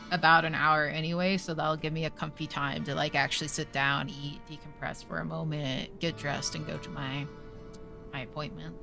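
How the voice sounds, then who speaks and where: A woman's voice: deep voice, pushed and bright. A woman streamer in casual live-stream chat with viewers, chatty and thinking aloud, swearing casually.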